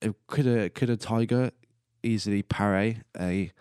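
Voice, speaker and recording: A young man in his twenties talks on his own podcast with a very low, deep voice, close to the mic in a dry, dead room. He rambles casually and laughs at his own jokes. Now and then he coughs or burps. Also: normal speed, darkish tone, smooth, dry recording. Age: 20s. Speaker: podcast host. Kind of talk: casual solo podcast monologue.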